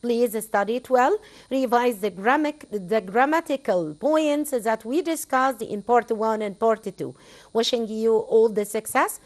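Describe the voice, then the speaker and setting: A woman's voice: on the high side, unhurried. An Egyptian woman teaching an English lesson, a native Arabic speaker who repeats phrases for her students and slips into Arabic to explain.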